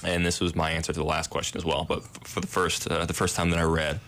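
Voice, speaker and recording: A man's voice: very deep voice, little pitch movement, quick pace, fairly bright tone. A young man, a residence hall director, answering interview questions in a modest, self-deprecating way with easy laughs.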